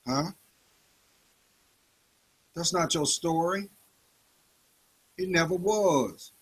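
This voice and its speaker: A man's voice: a little high, drawn-out words, husky, rough recording. A man delivering a preachy spoken-word monologue, confronting the listener with rhetorical questions.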